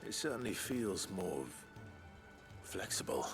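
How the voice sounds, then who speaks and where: A man's voice: low voice, very animated, takes it slowly, gravelly, full character voice. An actor playing a grave young male swordsman hero in a video game, speaking tersely and with reserve. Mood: reserved. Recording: video game audio with music.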